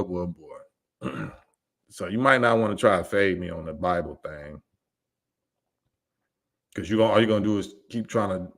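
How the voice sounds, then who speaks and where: Male host with AAVE, low-pitched, animated and combative on a casual livestream. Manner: animated, argumentative, laughs often, rhetorical questions.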